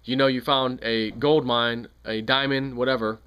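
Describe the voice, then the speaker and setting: A man's voice: mid-range voice, level tone, normal speed, a bit bright, smooth. A man giving an angry, sarcastic political commentary on his own channel, repeating points with rising heat. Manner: heated, sarcastic, repetitive. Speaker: video commentator.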